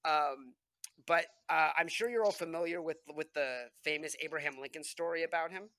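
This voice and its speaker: A young man co-hosting a casual history podcast tells stories animatedly at a moderate pace, his voice fairly high. He rambles, packing in lots of fillers and restarts, and the recording has no room sound.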